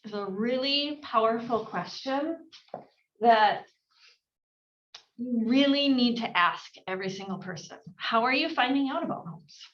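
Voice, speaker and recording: Woman sales trainer, higher register, lively coaching delivery, dull lo-fi sound. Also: measured pace. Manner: energetic, acts out client dialogue with shifted inflection. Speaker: real estate sales coach. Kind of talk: team training talk.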